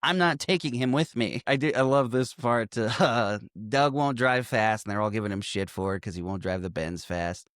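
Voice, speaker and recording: A man's voice: on the low side, fairly even intonation, moderate pace, few pauses, fairly bright tone, clear, resonant tone, no echo, studio quality. A man in his thirties, co-hosting a casual movie-review chat, who laughs a lot and retells scenes by quoting the characters. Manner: laughs often, retells scenes with quoted lines. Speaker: podcast co-host.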